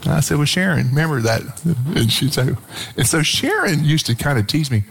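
A man delivers a sermon in an animated, swooping voice of ordinary pitch. He tells stories from his own life and acts out the quoted lines playfully, building to emphatic points. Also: brisk, husky. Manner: storytelling with playful acted quotes, emphatic swells. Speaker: pastor.

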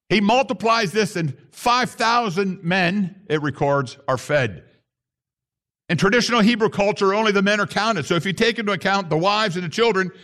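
A man's voice: sits high, a bit bright. A man preaching a sermon to his congregation, reading scripture and pressing his points with rising emphasis. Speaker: pastor.

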